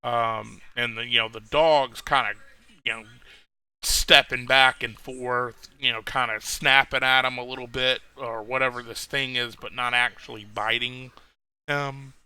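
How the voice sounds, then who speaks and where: A man's voice: mid-range voice, steady tone, unhurried, pushed and bright, clean tone, no echo. A man narrating as game master of a tabletop game, rambling, with many fillers and restarts.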